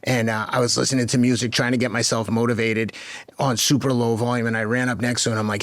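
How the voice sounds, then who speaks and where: A man's voice: mid-range voice, big pitch swings, fast talker, fairly bright tone, no echo. Candid Boston man in his fifties. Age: 50s. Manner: candid, laughs often, swears casually. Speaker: guest, marathon runner. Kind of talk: casual storytelling.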